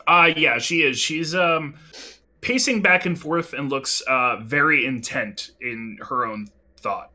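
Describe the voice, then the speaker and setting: A man's voice: fairly high pitch, slow pace, pushed and bright. A man running a tabletop game as dungeon master, explaining lore with many hesitant ums.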